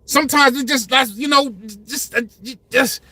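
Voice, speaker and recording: A man's voice: very high voice, fairly even intonation, normal speed, pushed and bright. A man in his fifties hosting a hip-hop commentary channel, talking passionately and emphatically in street slang. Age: 50s. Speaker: channel host.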